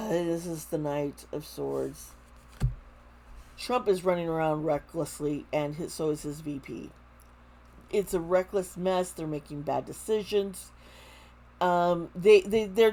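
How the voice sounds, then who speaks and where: A woman giving a casual tarot reading to camera, talking slowly, with frequent restarts and fillers. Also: lowish voice, gravelly, darkish tone. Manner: slow, halting, with many restarts and fillers. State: close to tears. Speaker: tarot reader.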